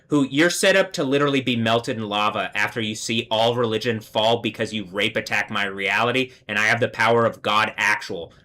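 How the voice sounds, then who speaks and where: A man rants on his own livestream in a heated, profane tirade that keeps circling back to the same insults. His voice is forceful and bright, pushing hard through each line. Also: lowish voice. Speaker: livestream host. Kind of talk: angry livestream rant.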